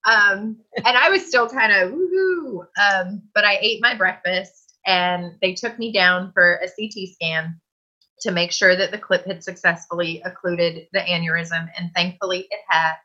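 A woman's voice: on the low side, unhurried, pushed and bright, dull audio. A woman guest telling a personal story in a chatty, earnest way that often breaks into laughter.

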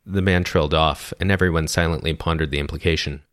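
A man narrating a fantasy story in an even, descriptive way. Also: extremely low pitch, brisk, hardly any pauses, no room sound, studio quality.

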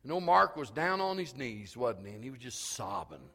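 A pastor preaching a sermon, telling a story that swells into shouted calls to the congregation. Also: male voice, mid-range voice, sing-song, moderate pace, long reverb tail, soft background music. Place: church sanctuary.

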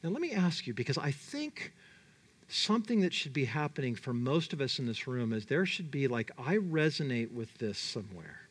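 A man preaching a sermon, animated and dramatic, his delivery full of emphatic rises and drops. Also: fairly high pitch, a little fast, slightly rough. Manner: animated, dramatic, voices God and Jonah in quotes.

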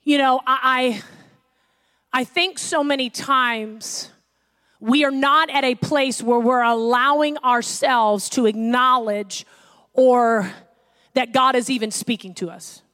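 A woman pastor preaching a sermon, animated, acting out the voices she quotes. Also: high-pitched, slow pace.

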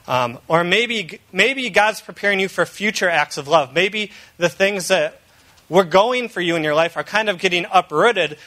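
A man's voice: sits high, pushed and bright. A man in his thirties, a pastor giving an earnest, conversational sermon. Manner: earnest and conversational, with frequent fillers and restarts.

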